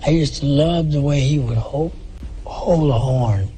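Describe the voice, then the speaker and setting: A man reminiscing in an interview, speaking haltingly and softly. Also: mid-range voice, a little hiss or hum. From United States. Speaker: interview guest.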